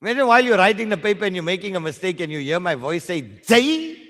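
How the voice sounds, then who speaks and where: A man's voice: high-pitched, animated, very fast, a bit bright, big-room sound. A South African man teaching maths at a live exam workshop, joking with learners in slangy banter.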